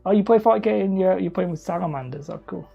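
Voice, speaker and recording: Husky Lancashire woman chatting while crafting. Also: lowish voice, fast talker, highs cut off, faint music behind. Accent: Wigan area, Lancashire. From Leigh, near Wigan, England. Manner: chatty, self-mocking, rambling. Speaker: hobby terrain streamer. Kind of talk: casual live-stream chat while crafting.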